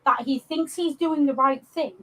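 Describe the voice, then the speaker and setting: Casually discussing films on a podcast she co-hosts, an English woman keeps saying um and restarting. She speaks at normal speed in a high-pitched, fairly bright voice over a rough recording.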